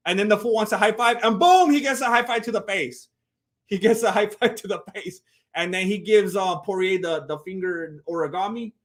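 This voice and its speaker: A man's voice: high-pitched, normal speed. A young man chatting casually on a live stream, commenting on a fight video and acting out the people in it. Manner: animated storyteller, voices the people in the clip.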